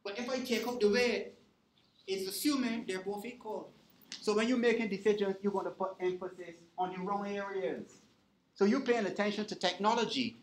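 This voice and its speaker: In an echoey lecture hall, a male lecturer with a high-sitting, expressive voice teaches interactively at a moderate pace, regularly asking whether students follow. A little hiss or hum sits under the recording.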